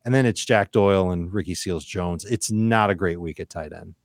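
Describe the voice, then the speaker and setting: Male analyst, fairly low voice, dry close mic, brisk stat rundown. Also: dry recording. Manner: crisp, list-like rundown of stats. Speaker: podcast co-host, fantasy analyst. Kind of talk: casual podcast talk.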